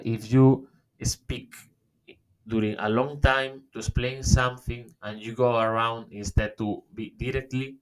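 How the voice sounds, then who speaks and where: Slow-talking man giving a webinar. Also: on the low side, clean tone. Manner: halting, many fillers and restarts, says "okay?" often. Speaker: webinar presenter. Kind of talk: online workshop talk.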